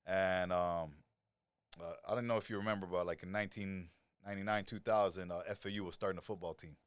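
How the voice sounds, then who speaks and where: A man's voice: deep voice, steady tone, quick pace, clean tone, no room sound, studio quality. A man in his forties, a podcast guest, tells his life story in blunt, profane street talk. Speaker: interview guest. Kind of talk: storytelling interview. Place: podcast studio.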